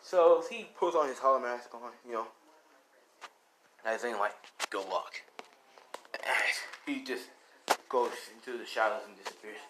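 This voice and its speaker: A man's voice: mid-range voice, normal speed, pauses often, background noise. A man casually telling a fan story, rambling, with lots of fillers and swearing.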